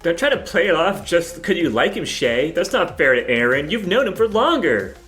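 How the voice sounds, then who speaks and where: A man's voice: fairly high pitch, sing-song, moderate pace, a bit bright, faint music behind. A man reading a part on a comedy podcast, laughing and stumbling over the words. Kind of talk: comedic table read.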